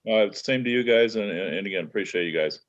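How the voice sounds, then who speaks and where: A man with a Midwestern American accent, a guest on a video call, talking earnestly and gratefully with halting fillers. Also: on the low side, muffled recording. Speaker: guest, networking group leader. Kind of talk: casual chat.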